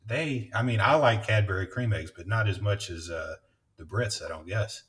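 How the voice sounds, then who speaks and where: A man's voice: fairly low pitch, normal speed, fairly bright tone, distant mic. A man hosting a podcast, chatting casually and rambling, swearing often and laughing. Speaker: podcast host. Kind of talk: casual chat.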